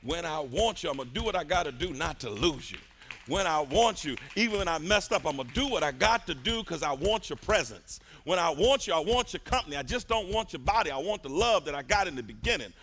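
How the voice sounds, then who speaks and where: A man preaching a fervent sermon in a colloquial, repetitive style, rising to shouts at its peaks. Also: on the high side, expressive, a little fast, a little hiss or hum.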